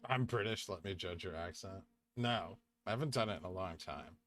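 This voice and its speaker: A young man hosting a casual livestream, chatting with viewers, reading out donations and making quick asides. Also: sits low, fairly bright tone. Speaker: livestream host.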